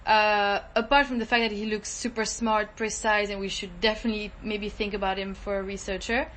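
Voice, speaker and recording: A woman's voice: mid-range voice, level tone, fairly quick, a bit bright, a little hiss or hum, poor audio. A woman researcher talking through her focus group notes in a thoughtful, casual way. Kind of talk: casual debrief chat.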